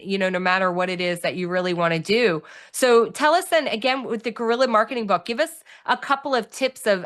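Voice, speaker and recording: A woman's voice: medium pitch, a bit bright. A woman hosting a podcast, asking long, rambling questions with enthusiasm. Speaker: podcast host. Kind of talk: casual interview talk.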